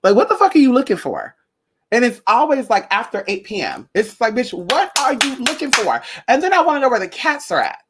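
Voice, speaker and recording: A woman's voice: fairly high pitch, huge pitch swings, quick pace, background noise. A young woman from Northern California who tells a story to her viewers in a sassy, profane way. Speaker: spiritual vlogger. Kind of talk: casual storytelling vlog.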